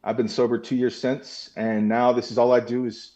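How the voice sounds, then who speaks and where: A man's voice: medium pitch, little pitch movement, moderate pace, warm tone. Candid man sharing on a muffled call. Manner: emotional, candid, swears freely. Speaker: meeting participant. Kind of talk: personal recovery share. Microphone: video call.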